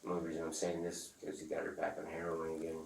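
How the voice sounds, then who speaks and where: Deep gravelly man, telling a rough story. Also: completely flat delivery, racing. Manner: profane, rambling, acts out quotes loudly. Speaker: interviewee. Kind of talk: casual storytelling. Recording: echoey room, far from the mic, faint noise.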